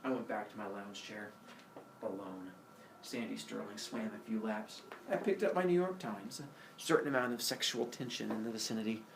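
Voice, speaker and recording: A man teaching a class, reading a novel aloud with animated expression and asking the students questions. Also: fairly low pitch, normal speed, gravelly, recorded from a distance, noisy background. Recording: roomy room from afar, faint ambience.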